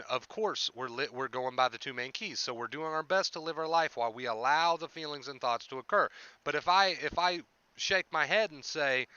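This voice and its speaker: A man's voice: fairly high pitch, sharp tone, clear, resonant tone, no room sound, dull audio. A man coaching on anxiety during a live stream, speaking in an earnest, repetitive, reassuring way.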